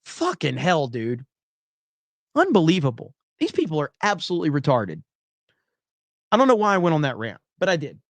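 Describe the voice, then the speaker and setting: Livestream host, male, blunt and profane, raised pitch, dry close sound. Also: huge pitch swings, dry recording. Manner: profane, blunt, fast bursts of ranting. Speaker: livestream host reading chat. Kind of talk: ranting livestream chat.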